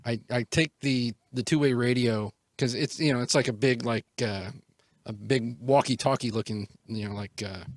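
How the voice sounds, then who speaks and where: A man's voice: medium pitch, moderate pace, no echo. Player, man, dry close sound, casual rambling. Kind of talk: describing actions in a tabletop game.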